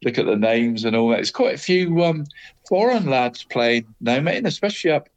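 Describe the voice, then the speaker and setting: Co-hosting a casual football chat, a man rambles through the local results, tagging nearly every phrase with "mate." His voice is mid-range and animated at normal speed, and the audio sounds dull.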